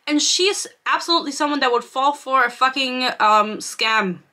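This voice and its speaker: A woman's voice: high-pitched, normal speed, pushed and bright. A woman giving a casual, sarcastic book review rant, swearing freely and laughing often.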